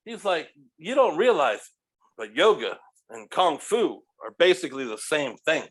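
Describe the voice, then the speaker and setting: A middle-aged man spins a restaurant story in casual chat, animated and profane, laughing through the punchlines. His voice sits a bit high for a man. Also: a little slow, slightly rough. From United States. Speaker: podcast guest, restaurant owner.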